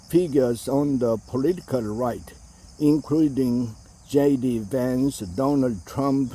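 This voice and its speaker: A man reading an opinion essay aloud in a measured way, with the odd hesitation. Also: mid-range voice, mellow, slightly rough.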